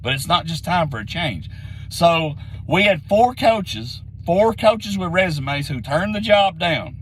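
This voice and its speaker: A man ranting bluntly about sports, repeating his points, sounding a little hoarse from being sick. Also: fairly high pitch, lively intonation, a little slow, slight background noise, rough recording. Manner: blunt, repetitive, heated. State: getting sick, slightly hoarse. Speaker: sports commentary vlogger. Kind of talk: opinionated rant to camera.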